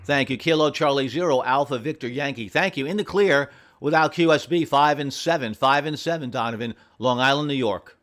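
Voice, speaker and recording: A man running an amateur radio station from home, friendly and repeating call signs slowly and carefully. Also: mid-range voice, a bit bright. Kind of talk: on-air radio contacts, reading call signs.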